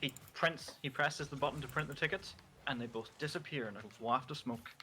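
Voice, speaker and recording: A man casually narrating an improvised story on a stream, wry and deadpan. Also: mid-range voice, fairly quick, a little hiss or hum.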